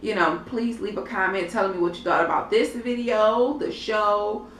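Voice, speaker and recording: A woman's voice: medium pitch, fairly even intonation, normal speed, distant mic. A sassy young woman rants through a reality TV review in loose, profane vlog talk and speaks straight to her viewers. She sits a little away from the mic, so her voice bounces around a roomy space. A faint hum of noise runs underneath. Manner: sassy, blunt, profane, chatty, addresses viewers directly. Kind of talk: casual vlog commentary.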